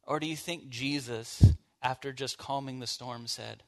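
A man's voice: medium pitch, steady tone, measured pace, gravelly, few pauses, fairly bright tone. A man leading a church bible study, teaching in an informal, conversational way and asking the group questions. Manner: informal, asks the group questions, casual fillers.

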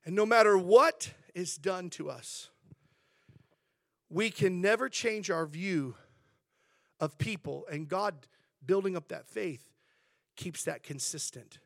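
Pastor, male, high tenor, animated storyteller, dry close sound. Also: slow pace, creaky, long pauses, no room sound. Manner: chatty storytelling, animated and humorous. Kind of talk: sermon.

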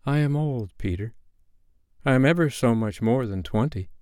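A man voicing Wendy, a gentle, wistful grown-up mother, in a storybook reading. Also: mid-range voice, expressive, moderate pace, clear, resonant tone, no echo, studio quality, voice pushed up, lightly acted. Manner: soft and tender.

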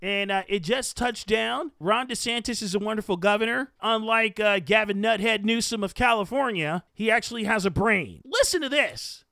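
A man hosting a podcast, delivering an indignant, loud, mocking political commentary rant. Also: high voice, normal speed, gravelly, hardly any pauses, dry recording, clean studio sound. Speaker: podcast host.

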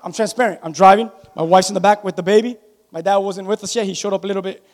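A man preaching a sermon as pastor, animated, telling personal stories and calling out to his congregation. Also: sits high, fast. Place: church sanctuary. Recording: long reverb of a large church hall.

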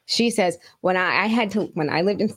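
Fast-talking, foul-mouthed woman ranting. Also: medium pitch, breathy edge. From New York. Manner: blunt, swears a lot, rants heatedly. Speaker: co-host. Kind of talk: casual chat.

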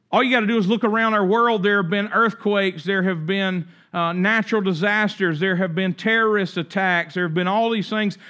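A man's voice: high voice, bright, forceful tone. A middle-aged man preaching a sermon, reading scripture with rising and falling intensity. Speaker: pastor.

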